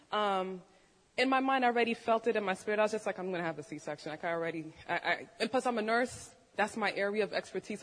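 A woman, a nurse, telling her story as a testimony to a church congregation, animated, acting out the voices of the people in it. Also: medium pitch. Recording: long hall reverb.

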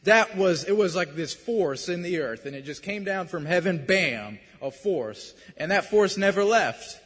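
A young man delivers an earnest, conversational sermon in a noticeably high voice. He swings from quiet, personal asides to loud, pressing emphasis. His voice rings with the long reverb of a church hall. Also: animated, unhurried, husky. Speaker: preacher.

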